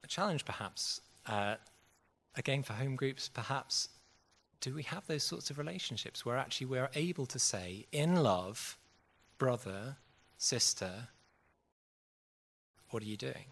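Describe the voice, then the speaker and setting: A man's voice: medium pitch, expressive, moderate pace, fairly bright tone. A man preaching a sermon in an earnest, conversational way. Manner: conversational, earnest, acts out quotes. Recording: long hall reverb.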